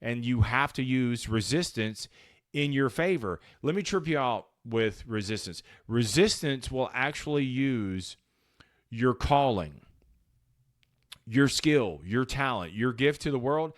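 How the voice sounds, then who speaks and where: A man's voice: medium pitch, animated, slow, dry recording, studio quality. A man hosting a motivational podcast, talking casually and with emphasis, using slang and acting out the voices in his head. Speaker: podcast host.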